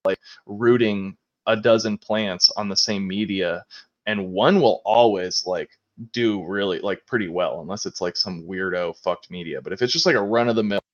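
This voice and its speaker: A man's voice: lowish voice, normal speed. Rambling man on a dull lo-fi mic. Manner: rambling, heavy use of "like". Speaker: botanist co-host. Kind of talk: casual podcast chat. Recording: dull lo-fi sound.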